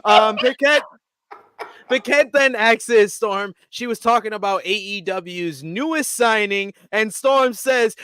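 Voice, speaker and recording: A man's voice: high voice, slow, pushed and bright, smooth, no echo. A man co-hosting a casual wrestling review show, recapping segments and laughing often. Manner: recaps with quoted impressions and frequent laughter. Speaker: podcast co-host.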